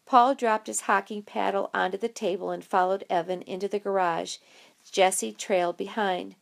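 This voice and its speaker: A woman narrating an audiobook in a lively, expressive storytelling way. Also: mid-range voice, normal speed, creaky.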